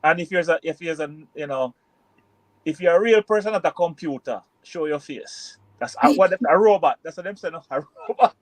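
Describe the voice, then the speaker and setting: A man's voice: fairly high pitch, expressive, moderate pace, no room sound, poor audio. A man with a Jamaican accent co-hosting a casual live-stream chat, joking in loose banter. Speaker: co-host.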